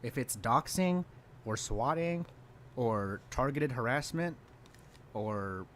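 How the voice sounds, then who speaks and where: A man's voice: mid-range voice, lively intonation, slow, slight background noise. A man co-hosting a casual reaction podcast, teasing and calling people out. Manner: teasing, loud when calling out.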